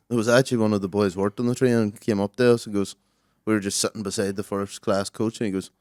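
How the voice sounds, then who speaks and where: A man's voice: on the low side, steady tone, fast, a little mellow, no room sound. A young man, co-hosting a podcast in a studio, talking in laid-back casual chat with dry quips. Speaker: podcast co-host.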